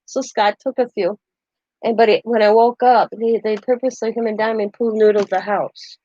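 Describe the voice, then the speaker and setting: A woman's voice: fairly high pitch, fairly even intonation, normal speed, warm tone, muffled recording. A woman hosting a casual craft livestream, rambling through stories and laughing often. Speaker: craft channel host.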